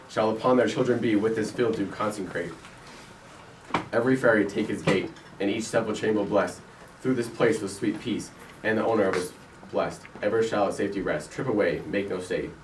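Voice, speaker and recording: Low-voiced man reciting solemn verse. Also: fairly quick. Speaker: stage actor as Oberon. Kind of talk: amateur stage verse. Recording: echoey room, distant mic, noisy.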